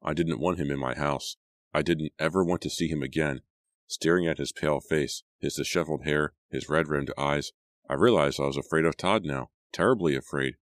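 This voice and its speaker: A man narrating a teen thriller audiobook with steady, dramatic pacing. His voice sits very low, and the recording is dry and close with no room sound. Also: normal speed, dry recording. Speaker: audiobook reader.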